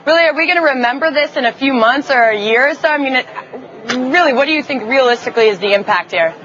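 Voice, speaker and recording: Female co-host, high voice, fast, skeptical questions, muffled sound. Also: expressive, a bit bright. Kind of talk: cable news chat.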